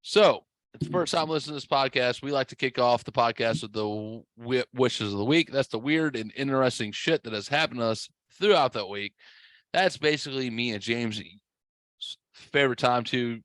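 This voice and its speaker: A man co-hosting a casual podcast, animated and quick to interrupt, swearing and acting mock-incredulous. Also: medium pitch, dry recording. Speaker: podcast co-host.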